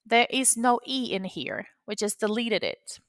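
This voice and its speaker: A woman's voice: fairly high pitch, big pitch swings, measured pace, no echo. A woman whose first language is Spanish, patiently explaining an English grammar rule step by step, repeating key points. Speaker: English teacher. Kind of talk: grammar lesson.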